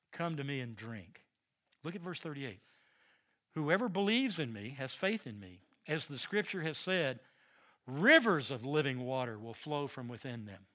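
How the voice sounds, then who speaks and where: Earnest Southern American Bible teacher. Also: male voice, medium pitch, pushed and bright. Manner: earnest, repeats words, emphatic. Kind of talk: Bible study lesson.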